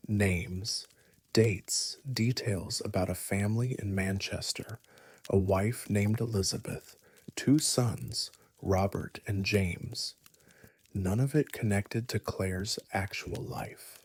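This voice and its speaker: Male horror storyteller, slow and hushed, very low husky whisper-edged voice. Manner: hushed, often whispery delivery. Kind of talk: scripted first-person horror narration.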